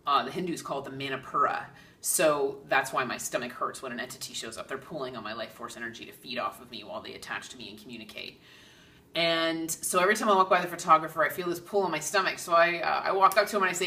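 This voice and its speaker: A woman's voice: sits low, fast, pushed and bright, distant mic. A woman speaking as a medium, telling stories in a casual monologue and acting out quoted dialogue in a raised voice.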